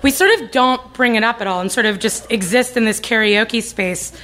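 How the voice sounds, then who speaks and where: A young woman telling a comic personal story live on stage, animated and given to loud ranting retellings. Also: a little high, normal speed. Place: live stage before an audience. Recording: live show with a laughing crowd.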